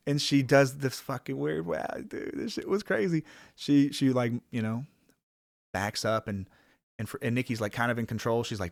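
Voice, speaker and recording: A man's voice: mid-range voice, moderate pace, vocal fry, dry recording, studio quality. A man giving a rambling, casual film review, full of fillers and swearing, sometimes acting out characters in a raised voice.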